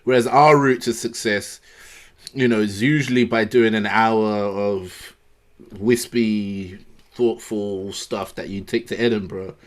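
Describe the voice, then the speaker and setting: A man's voice: lowish voice, fairly even intonation, slow. A young British man co-hosting a comedy podcast, chatting loosely and joking, often trailing off mid-thought. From Britain. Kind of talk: casual chat.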